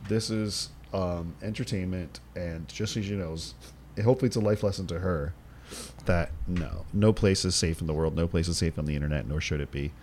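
A man's voice: low-pitched, normal speed, darkish tone, a little hiss or hum. A man co-hosting a podcast, telling rambling stories in casual chat and swearing freely. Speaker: podcast co-host.

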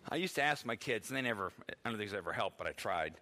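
A middle-aged male pastor gives a sermon in a bright, forward voice. He talks to the congregation like a conversation, acting out the voices of people he quotes, and laughs now and then. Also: lowish voice, animated, fast.

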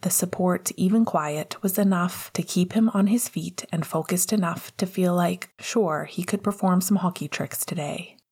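Female narrator, whispered intimate read, breathy and low. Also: moderate pace, few pauses, a little mellow. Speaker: audiobook narrator. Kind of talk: soft whispered fan fiction reading.

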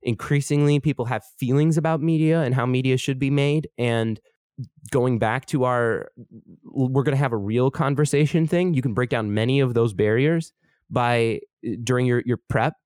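A man in a dry, close studio setting talks through advice in an easy, conversational way. He restarts and rephrases his sentences as he thinks. His voice sits at a middle pitch. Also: normal speed, darkish tone, smooth, no echo. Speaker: podcast producer. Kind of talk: casual advice chat.

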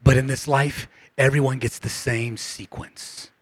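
A male pastor preaching a passionate sermon to his congregation, calling for responses and swinging between shouts and hushed lines, his voice going hoarse. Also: mid-range voice, fairly even intonation, unhurried, no room sound. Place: church sanctuary.

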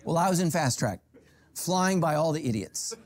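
A middle-aged male pastor preaching a sermon, telling stories with humor and sudden jumps in pitch. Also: expressive, moderate pace, crowd noise. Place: church stage with a golf cart prop.

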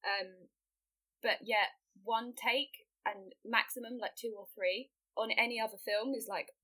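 A woman's voice: a little high, fairly even intonation, a little slow, sharp tone. A young woman, a podcast guest who tells stories casually, laughing often and using lots of fillers. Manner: chatty storyteller, laughs often, many fillers. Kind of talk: casual chat.

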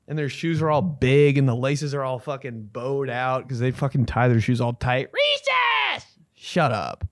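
A young man, telling a comic story on a podcast in an animated, swearing rant. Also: mid-range voice, normal speed, no room sound, clean studio sound. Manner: animated storytelling, swears a lot, bursts into yelled impressions. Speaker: podcast host. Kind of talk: casual comedic podcast rant.

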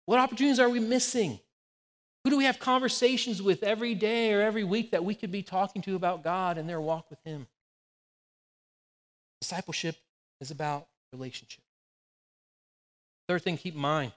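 A man in his forties preaches in a relaxed, conversational way. He tells homely stories to make his points. His voice sits notably high for a man. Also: big-room sound. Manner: conversational, anecdotal, animated storytelling. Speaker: pastor. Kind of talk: sermon.

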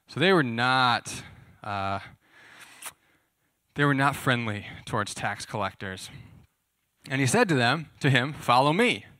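Bright-voiced man teaching a sermon. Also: medium pitch, animated, measured pace, long pauses, no room sound, studio quality. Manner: conversational, asks the audience questions. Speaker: pastor.

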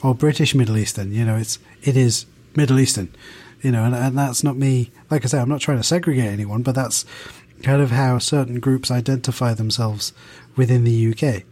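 A man's voice: medium pitch, steady tone, a little fast, darkish tone. A man from the UK co-hosting a podcast, talking in a thoughtful, rambling way with many restarts and fillers. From United Kingdom. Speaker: podcast co-host. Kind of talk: casual podcast discussion.

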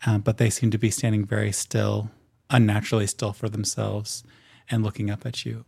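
Gravelly-voiced male game master narrating. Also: lowish voice, monotone, warm tone, dry recording, clean studio sound. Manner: descriptive, unhurried, with frequent ums.

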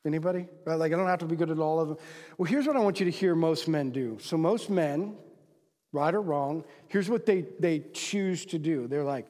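High-voiced man preaching in a reverberant hall. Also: expressive, moderate pace, mellow. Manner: conversational, rhetorical questions to the crowd; acts out quoted voices with big pitch swings. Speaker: pastor. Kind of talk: sermon to men.

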